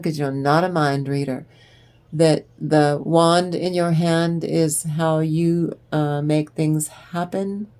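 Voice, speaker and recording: A woman giving a tarot reading, talking straight to the listener in an encouraging, unhurried way and laughing often. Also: low-pitched, a little mellow, clean tone. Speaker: tarot reader. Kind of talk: tarot card reading to the viewer.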